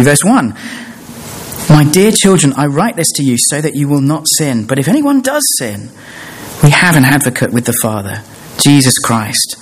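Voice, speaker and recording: A man preaching a sermon, explaining a passage in a measured way with frequent hesitations and restarts. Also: medium pitch, husky.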